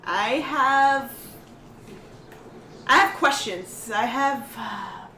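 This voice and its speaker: A woman's voice: on the high side, extremely slow, pushed and bright, far from the mic, slight background noise. A woman playing a pack leader in a tabletop role-playing game, earnest and a little flustered. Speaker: player character, pack leader. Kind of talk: tabletop role-play chat. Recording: roomy room sound.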